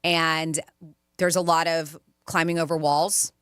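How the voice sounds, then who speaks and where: A woman co-hosting a radio talk show, telling stories in an animated, chatty way. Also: low voice, a little slow, clear, resonant tone, no echo, studio quality. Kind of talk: casual radio chat.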